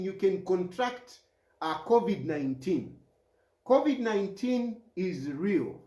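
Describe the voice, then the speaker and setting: A man's voice: high-pitched, darkish tone, reverberant. A man with a Zambian accent speaking straight to camera as a mayoral candidate, earnest and pleading, repeating his key phrases. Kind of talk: direct-to-camera address.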